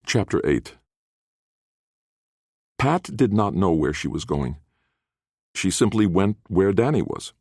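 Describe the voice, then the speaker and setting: Deep-voiced man narrating a fantasy audiobook. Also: slow pace, pauses often, dry recording, clean studio sound. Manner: expressive storytelling. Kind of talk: scripted narration.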